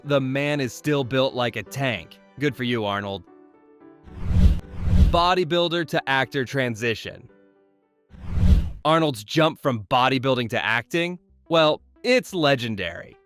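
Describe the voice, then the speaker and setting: A man's voice: medium pitch, sing-song, measured pace, fairly bright tone. A man narrates a scripted commentary in an ordinary mid-range voice. His delivery is wry and mildly sarcastic, and he addresses the viewers directly. Faint music plays behind him.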